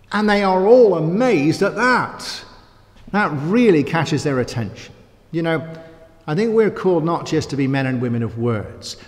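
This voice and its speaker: A man's voice: fairly high pitch, a little mellow. Conversational male preacher in a reverberant church. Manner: conversational, with frequent asides and rhetorical questions. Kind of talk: sermon. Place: church sanctuary. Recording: church hall with long reverb.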